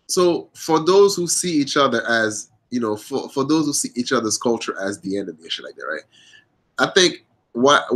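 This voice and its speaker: A man hosts a casual podcast. He talks in a loose, rambling way and often restarts his sentences. His voice sits at an ordinary middle pitch. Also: a bit bright. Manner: rambling, with restarts and frequent laughs. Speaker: podcast host.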